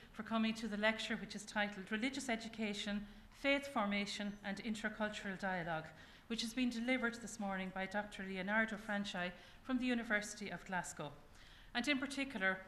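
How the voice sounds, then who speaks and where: A woman's voice: medium pitch, a bit bright. A woman hosting an event, giving a formal and gracious welcome speech. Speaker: event host. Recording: echoey room with faint ambient noise.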